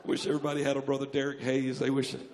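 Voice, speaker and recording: A man preaching a sermon, telling jokes and stories and breaking into sudden loud outbursts. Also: medium pitch, rapid-fire, noisy background. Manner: joking, animated storytelling with sudden loud outbursts. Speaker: pastor. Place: church sanctuary. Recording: long church hall reverb.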